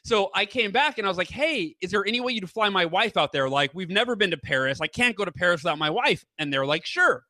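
A man's voice: high-pitched, animated, fast, hardly any pauses, bright, forceful tone, no echo. A man as an author guest in an interview, telling stories with rambling enthusiasm. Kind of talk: casual interview chat.

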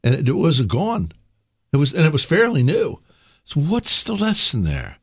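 A middle-aged man hosting a casual talk, telling stories with lively, acted-out quotes. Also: fairly high pitch, normal speed, creaky, slightly rough, no room sound, studio quality. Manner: animated storyteller, acts out quotes loudly. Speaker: podcast host. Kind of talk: casual conversation and storytelling.

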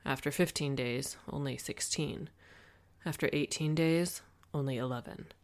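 A woman narrating a first-person audiobook in a steady, expressive reading. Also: sits low, unhurried.

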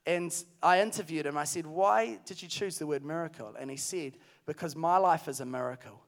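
A man's voice: a little high, fairly quick. A man preaching at a youth camp, telling a story earnestly and then calling energetically to the crowd. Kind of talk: sermon. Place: large hall at a camp.

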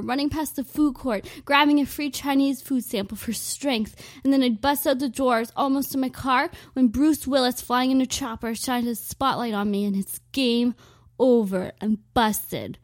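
A woman's voice: high voice, no room sound, clean studio sound. A young woman telling a self-mocking comic story, rambling and dramatic, with lots of "like". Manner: dramatic, exaggerated delivery.

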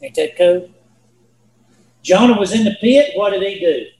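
A man's voice: sits high, expressive, unhurried, darkish tone, roomy sound, rough recording. A man teaching a Bible lesson in a folksy, earnest way, repeating himself and asking his listeners questions. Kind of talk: sermon.

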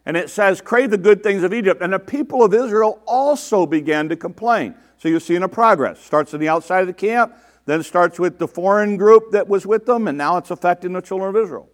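A man with a high-pitched voice delivers a sermon, reading a scripture passage and pausing to explain it to his listeners. When he voices the complaints in the text, he acts them out with exasperation. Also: animated. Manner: reads scripture aloud and breaks in to explain it. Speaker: pastor.

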